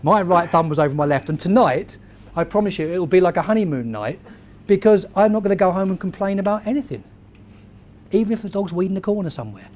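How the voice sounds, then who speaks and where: A man, giving a lively motivational talk to a live audience and quizzing the crowd as he tells stories. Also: sits high, fast talker, slight background noise. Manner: animated storyteller, quizzes the crowd. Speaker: keynote speaker.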